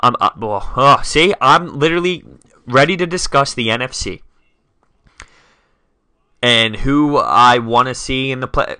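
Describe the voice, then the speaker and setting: A man's voice: medium pitch, a little slow, pauses often, sharp tone, smooth, dry recording. A young man hosting a solo sports talk podcast, dramatic and self-mocking as he rattles off scores. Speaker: podcast host.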